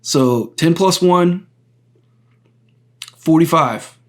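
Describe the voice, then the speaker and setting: Guy doing a solo podcast, earnest, slow and deliberate, trips over words and restarts, explains step by step. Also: a little high. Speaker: podcast host. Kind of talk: solo political commentary.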